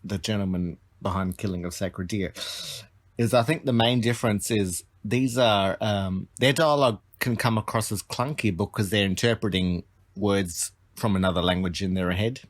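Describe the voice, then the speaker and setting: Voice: low voice, normal speed. A podcast co-host in casual film talk, laid-back and chiming in with short replies. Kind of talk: casual film commentary chat.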